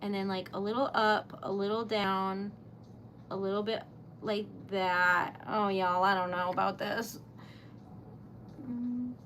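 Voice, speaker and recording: A young woman makes wax seal stickers on her livestream, casually chatting, giggling, teasing herself, and gushing excitedly about her work. She takes it slowly in a medium-pitched voice with long pauses and a little hiss or hum.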